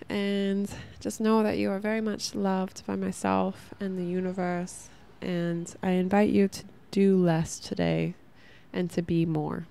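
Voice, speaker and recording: A woman's voice: medium pitch, vocal fry, dark tone. A young woman hosting a casual spiritual podcast, talking in a rambling, heartfelt way and saying "like" a lot. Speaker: podcast host.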